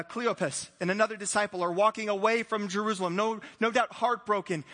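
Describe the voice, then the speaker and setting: A male pastor with a high, bright voice, preaching to his congregation in an animated storytelling manner. He drops playful asides and acts out the people in the story. His voice rings out with a long echo through a large church hall. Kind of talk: sermon.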